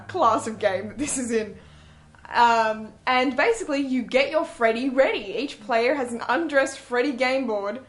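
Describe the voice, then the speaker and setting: A chatty woman with a slightly high voice co-hosts a late-night radio show. She tells stories in a loose, casual way, laughs a lot and breaks into little acted-out quotes. Her voice is close on a studio microphone. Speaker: radio co-host.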